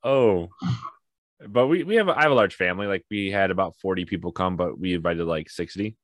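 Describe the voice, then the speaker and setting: Deep-voiced young man telling family stories. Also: a little fast, no echo, clean studio sound. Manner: animated storyteller, acts out his toddler in high voices. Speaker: podcast co-host. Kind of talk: casual chat.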